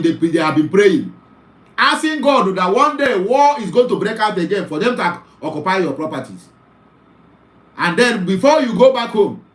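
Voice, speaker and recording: A man's voice: very high-pitched, a bit bright, echoey room. A middle-aged man with a Nigerian accent, delivering an impassioned, pleading commentary monologue as an online talk show host. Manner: pleading, urgent, repetitive.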